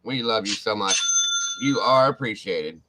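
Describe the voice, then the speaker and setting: A man hosting a laid-back livestream welcomes viewers by name and thanks them effusively and warmly. His lowish voice is expressive and a little slow, and the rough recording carries slight background noise.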